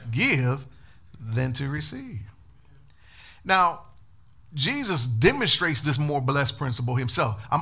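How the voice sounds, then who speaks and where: A man pastor preaching a sermon in an animated way, calling on the congregation to respond. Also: fairly high pitch.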